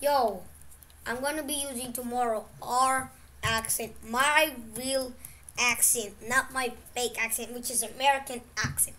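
A young woman from the Philippines giving excitable gaming commentary, breaking into loud exclamations. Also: on the high side, a little slow. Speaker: gaming vlogger.

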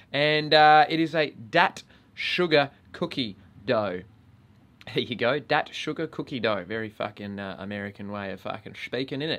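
Foul-mouthed Australian bloke reviewing gear. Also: male voice, medium pitch, a bit bright. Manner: crude, swears constantly, blokey banter. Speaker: vape reviewer and channel host. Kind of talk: casual vlog review.

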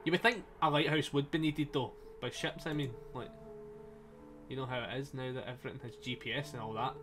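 The voice is medium-pitched, steady and brisk, with a slight strain: a man casually narrating his live run of a story game. He laughs often, swears freely, and jokes with his chat while soundtrack music plays faintly.

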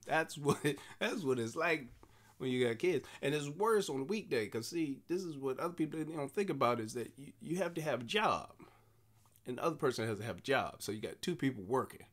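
A man in his forties, a comedian delivering an animated, repetitive monologue. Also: mid-range voice, fairly quick. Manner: animated storytelling with repeated phrases.

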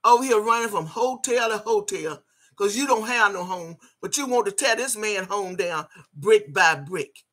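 In a ranting commentary, an older woman who video blogs goes after someone she disapproves of, her mid-range voice animated, sharp, and forceful at a moderate pace. She curses without restraint and keeps repeating phrases for emphasis.

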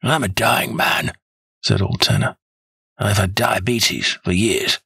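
A man voicing a grave, weary old man who is dying and makes a slow confession. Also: lowish voice, creaky, bright, forceful tone, husky, no room sound, exaggerated voice. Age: older. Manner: heavy, slow confessional telling.

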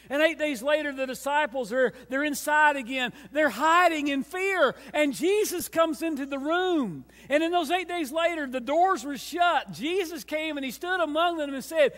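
A man pastor preaching a sermon with emphatic, repeated refrains, swinging between hushed and loud passages. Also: very high-pitched, normal speed, few pauses. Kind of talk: Easter sermon. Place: church sanctuary. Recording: long church reverb.

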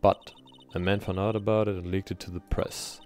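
A man's voice: sits low, flat delivery, normal speed, darkish tone, close to an everyday voice. A man reading aloud the lines of a lonely, earnest young woman who is a spirit medium in a video game, in his own plain voice. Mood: recounting.

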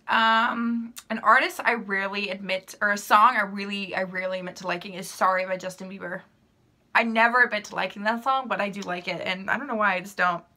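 A young woman talking straight to camera in a casual vlog, her voice bright and forward. She rambles freely, filling her answers with "like" and "um" and laughing at herself. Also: medium pitch. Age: young adult. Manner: chatty, rambling, full of "like" and "um"; laughs easily, self-deprecating. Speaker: vlogger. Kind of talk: casual chat answering questions.

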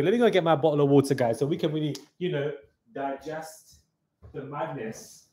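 Excitable husky young man. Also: a little high, normal speed. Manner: excitable hype talk, keeps saying "guys". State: stuffy nose. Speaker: live stream host. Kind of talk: live reaction commentary.

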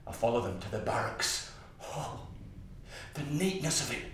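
An actor playing a menacing, order-obsessed psychopathic man in a stage monologue, slow and intense, dropping to whispers and bursting out loud. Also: mid-range voice, sing-song, a little hiss or hum. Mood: fixated. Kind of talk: theatrical monologue. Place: theatre stage. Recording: distant, echoey stage recording.

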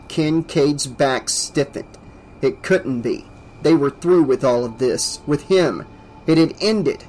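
A man reading aloud as the narrator of a horror audiobook, in a steady, measured way. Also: mid-range voice, a little hiss or hum, rough recording. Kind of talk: scripted narration.

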